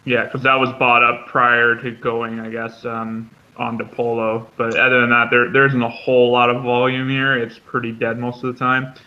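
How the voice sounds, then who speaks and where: A man co-hosting an online trading show, explaining coin background in a flat, halting way with many ums and uhs. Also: medium pitch, muffled recording. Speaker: co-host running the chart segment. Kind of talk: casual explanatory talk.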